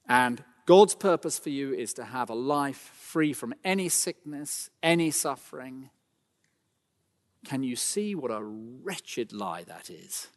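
A man in his fifties preaching a sermon in a church, earnest and often climbing to fervent emphasis, with fillers and restarts along the way. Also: mid-range voice. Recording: long hall reverb.

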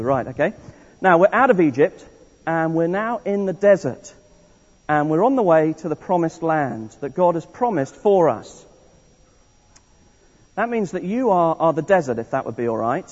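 A man leads an interactive church service for all ages in a large hall, his voice fairly high with a darkish tone. He guides the congregation through a story in a playful, encouraging way, with frequent restarts. The distant recording sounds dull and full of echo.

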